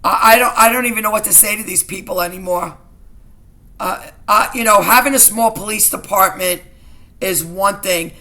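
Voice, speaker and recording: A woman's voice: mid-range voice, moderate pace, bright, forceful tone. A middle-aged woman vlogging to her viewers in an emotional personal rant, indignant and agitated, often repeating herself.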